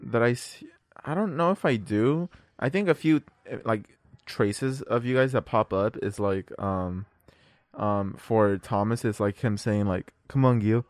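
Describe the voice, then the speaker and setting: A young man co-hosting a podcast, chatting casually and joking in bursts of high mock voices. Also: a little slow, no room sound. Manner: lively, laughing, slips into high mocking voices. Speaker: podcast co-host. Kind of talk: casual chat.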